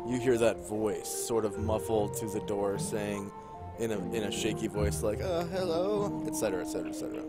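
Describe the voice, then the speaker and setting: A man's voice: on the low side, fairly even intonation, a little fast, over loud music. A man narrating a tabletop role-playing session as game master, describing scenes loosely with fillers.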